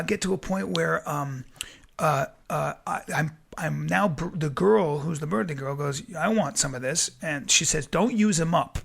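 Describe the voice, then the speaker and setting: Excitable male storyteller, high and gravelly, stammers and does the voices. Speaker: comedian guest. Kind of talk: animated comic storytelling.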